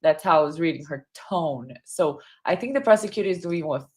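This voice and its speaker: A woman's voice: low-pitched, animated, fairly quick, a little mellow, slight background noise. A woman hosting casual live true crime commentary, chatty and reading viewer comments aloud.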